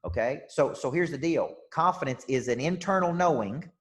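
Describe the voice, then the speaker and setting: A man's voice: mid-range voice, animated, normal speed. A man with a Southern US drawl delivers a motivational coaching session in an intense, upbeat manner. He hammers home points by repeating them and keeps asking his audience "okay?" and "right?" His voice sits in an ordinary middle register. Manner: emphatic and repetitive, checks in with "okay?" and "right?". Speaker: life and business coach. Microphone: online call session.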